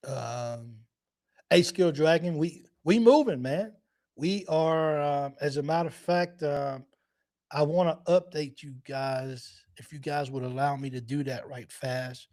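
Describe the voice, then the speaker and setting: A man's voice: a little high, a little slow, a little mellow. A man hosting a live fan show, chatting casually and rambling, repeating himself and laughing often. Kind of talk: casual live-stream chat.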